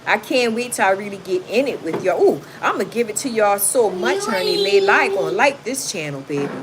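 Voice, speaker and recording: A woman hosting a livestream, reading chat comments and telling stories to her viewers in a loud, animated, casual way, calling them "y'all". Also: medium pitch, fairly quick. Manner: animated, loud, talks straight to the audience and calls them y'all. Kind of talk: casual storytelling to a livestream audience. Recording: noisy home livestream.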